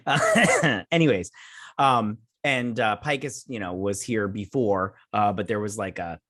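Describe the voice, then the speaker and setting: A man's voice: lowish voice, expressive, slow pace, a bit bright, no echo, clean studio sound. A man hosting his own channel, reviewing a TV episode in a rambling, scatterbrained casual chat. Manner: rambling, scatterbrained, many restarts.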